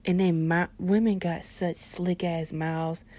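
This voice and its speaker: A woman's voice: on the low side, fairly even intonation, takes it slowly. Blunt, profane young woman ranting. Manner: profane, blunt, swings between hushed asides and loud outbursts. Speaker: vlogger. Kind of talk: comedic rant.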